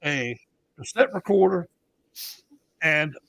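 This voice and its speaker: A man's voice: fairly high pitch, expressive, takes it slowly, gravelly, a bit bright, dry recording. A middle-aged man from Alabama with a Southern accent, telling ghost stories as a co-host in a folksy, rambling, casual way. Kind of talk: casual storytelling chat.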